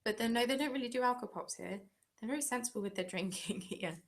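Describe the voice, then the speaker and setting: A craft channel host from England chats on a casual live-stream at home, answering viewer comments with self-deprecating humor. She talks fast in a medium-pitched voice with vocal fry.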